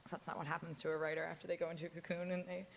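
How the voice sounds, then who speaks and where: Low gravelly woman running a panel. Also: little pitch movement, racing, slight background noise. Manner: self-deprecating, laughing, full of fillers. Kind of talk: panel discussion. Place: stage at a book fair.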